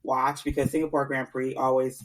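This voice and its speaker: A woman's voice: very deep voice, little pitch movement, fairly quick. A woman co-hosting a podcast in casual chat, rambling with many fillers and restarts. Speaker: podcast co-host.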